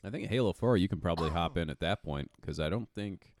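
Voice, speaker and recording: A man's voice: low voice, quick pace, no echo, studio quality. A man in his thirties, co-hosting a podcast in easygoing, agreeable chat and laughing along. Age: 30s. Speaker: podcast co-host. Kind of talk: casual chat.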